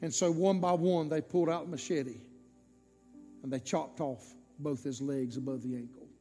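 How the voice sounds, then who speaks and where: A high-voiced male preacher tells a story in a sermon, swinging between loud peaks and hushed drops. His voice carries a long church-hall reverb. Faint music plays underneath. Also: steady tone, moderate pace. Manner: dramatic, swinging loud and soft.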